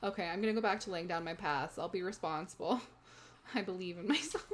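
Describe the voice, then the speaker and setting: A woman's voice: fairly low pitch, a little fast. Young woman, game streamer, casual chat, giggly, faint background hum. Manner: giggly, chatty, talks to chat. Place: home room.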